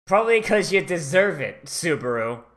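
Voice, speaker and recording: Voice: medium pitch, normal speed. Rambling, sweary anime reaction streamer. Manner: rambling, sweary and excitable, with many fillers. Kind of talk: casual watch-along commentary.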